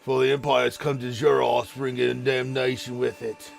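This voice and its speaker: A man voicing a giant male ogre lord in a solemn baritone. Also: level tone, normal speed, vocal fry, soft background music. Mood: grave.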